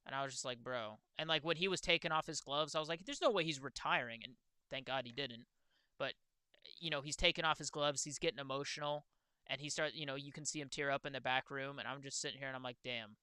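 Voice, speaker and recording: A young man streaming, chatting casually and excitedly, swearing freely and talking to his viewers. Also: mid-range voice, quick pace, smooth, no echo. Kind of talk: casual livestream chat.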